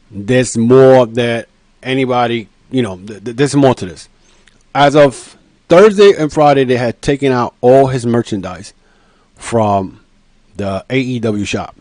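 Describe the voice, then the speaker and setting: A man hosting a casual wrestling podcast, talking in an animated way with lots of fillers and acting out quotes. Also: mid-range voice, dry recording. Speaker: podcast host.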